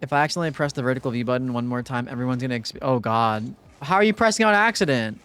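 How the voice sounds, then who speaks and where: A young man streaming live, chatting casually with his viewers in a relaxed, rambling way, full of fillers. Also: medium pitch, very fast, smooth, faint music behind. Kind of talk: casual livestream chat with viewers.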